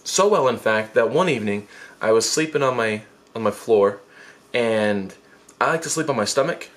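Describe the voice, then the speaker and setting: A man in his twenties telling a comic story from his life, animated and self-mocking, jumping into squeaky quoted voices. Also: normal speed. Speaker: vlogger.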